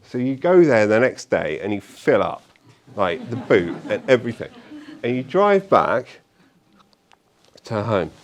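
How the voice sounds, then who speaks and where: A man speaks at a meetup event, telling anecdotes to the room. His voice sits a little low, and his delivery is chatty and animated, full of fillers and "okay?" checks with the audience. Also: measured pace. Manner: chatty, animated storyteller with tag questions and fillers. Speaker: conference speaker. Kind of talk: live talk to an audience.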